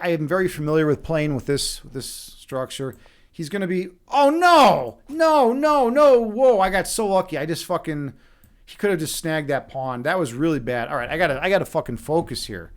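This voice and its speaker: A young man with a Chicago accent talks through his chess moves on a live stream. His voice sits a little high for a man, and he swears freely as he goes. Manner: animated, swearing, talks to chat while playing.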